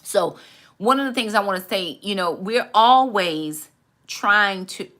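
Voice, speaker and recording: A woman, hosting a casual faith talk and switching into quick high voices to act out other people. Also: expressive, a bit bright. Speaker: channel host, mother giving faith advice.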